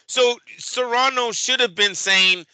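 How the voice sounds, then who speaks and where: High, sharp-voiced male co-host, angry profane rant, dry close mic. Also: slow pace, smooth, no room sound, poor audio. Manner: ranting, profane, fired-up. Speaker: boxing show co-host. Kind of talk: heated casual podcast chat.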